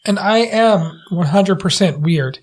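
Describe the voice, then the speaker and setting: A man's voice: high-pitched, unhurried. A man co-hosting a casual movie review podcast, earnest and self-deprecating, often restarting his sentences. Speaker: podcast co-host. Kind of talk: casual chat.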